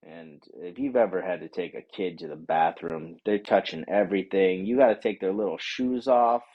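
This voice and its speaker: A man telling a profane, animated rant about a bad day out, acting out the other people in the story. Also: low voice, normal speed, lo-fi sound. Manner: animated, swears a lot, acts out voices of others. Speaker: vlogger.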